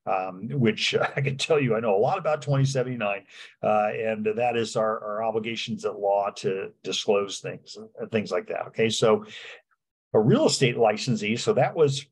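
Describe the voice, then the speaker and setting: A man teaching a real estate law class, talking in a halting way with lots of fillers and restarts. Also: lowish voice, slightly rough. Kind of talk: lecture with slides.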